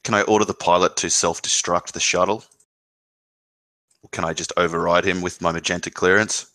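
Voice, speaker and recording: A man playing in a tabletop game, asking measured tactical questions. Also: sits low, fairly even intonation, sharp tone. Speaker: player. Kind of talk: tabletop game play, casual.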